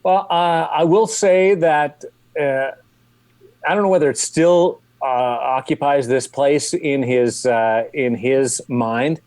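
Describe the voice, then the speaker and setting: Canadian male hockey host, mid-pitched, close dry mic, rambling anecdotes. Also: slow pace, darkish tone, no echo. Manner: rambling, many restarts and fillers. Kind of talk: casual storytelling.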